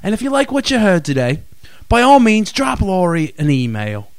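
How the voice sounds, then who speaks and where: A man's voice: high voice, huge pitch swings, normal speed, dry recording, clean studio sound. A man co-hosting a radio show, joking around and hamming up Aussie slang. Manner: goofy, hams up Aussie slang. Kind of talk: joking on-air banter.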